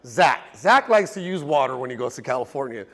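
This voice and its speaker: A man's voice: mid-range voice, very animated, brisk, a bit bright, in a large hall. A man teaching a car detailing class to a live group in a casual, joking, storytelling way.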